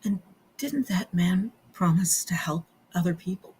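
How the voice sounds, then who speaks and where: A woman voicing a kind old grandfather gently coaxing his grandson in a children's story. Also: lowish voice, measured pace, a little hiss or hum, close to an everyday voice. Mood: gentle. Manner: gentle, patient, coaxing questions.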